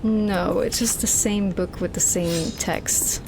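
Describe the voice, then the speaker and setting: A young woman streams a horror game, talking casually and excitedly to her chat and swearing freely. She speaks at a middling pitch. Steady ambient noise runs under her mic. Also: slow. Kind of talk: casual gameplay commentary.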